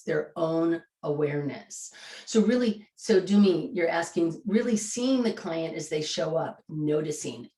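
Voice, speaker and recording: A woman leads a coaching workshop in an animated, conversational way, acting out the questions she would put to a client. Her voice sits a little low, and it carries a roomy echo. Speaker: coaching trainer. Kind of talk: live online coaching workshop.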